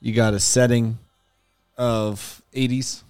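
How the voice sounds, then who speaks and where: A man's voice: mid-range voice, flat delivery, slow, darkish tone, clear, resonant tone, faint music behind. A man co-hosting a casual movie podcast, swearing eagerly and tagging "right?" onto his points. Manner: enthusiastic, profane, rhetorical "right?". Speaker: podcast co-host.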